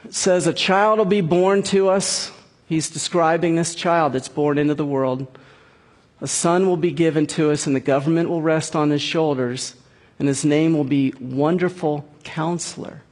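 A man's voice: a little high, measured pace. A man preaching a conversational sermon as a pastor, explaining scripture with frequent restarts and asides.

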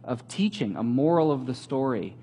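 A man giving a sermon as a pastor, telling the story in a conversational, animated way with light humor. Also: medium pitch, moderate pace, slightly rough.

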